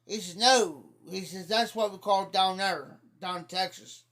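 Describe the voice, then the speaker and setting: A man's voice: high voice, steady tone, moderate pace, fairly bright tone. A man telling rambling, folksy stories about local sayings in a casual, teasing way. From Ohio. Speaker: livestreamer. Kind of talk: casual storytelling.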